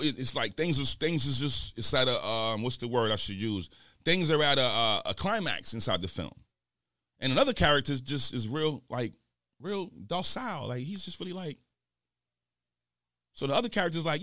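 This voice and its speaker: A man, a podcast host telling stories in casual talk and acting out quoted dialogue in loud bursts. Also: mid-range voice, expressive, normal speed, no room sound, studio quality. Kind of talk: casual storytelling.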